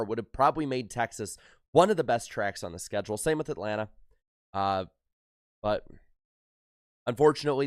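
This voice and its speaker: A man's voice: on the low side, no room sound, studio quality. A man hosting a casual race recap podcast, running through results with frequent "uh"s and a slightly worn voice. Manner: rapid rundown of results with filler "uh"s. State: slightly worn voice after a concert. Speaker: racing podcast host.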